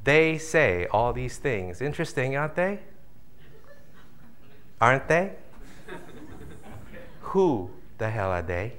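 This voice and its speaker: Male motivational speaker, live seminar, bright tense voice, playful crowd-work delivery. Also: medium pitch, slow, long pauses, slight background noise. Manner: animated, jokey, acts out audience voices.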